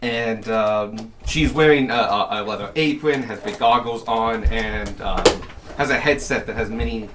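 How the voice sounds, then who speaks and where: A man's voice: fairly low pitch, measured pace, very noisy. A man narrating a tabletop game as game master, rambling with lots of fillers.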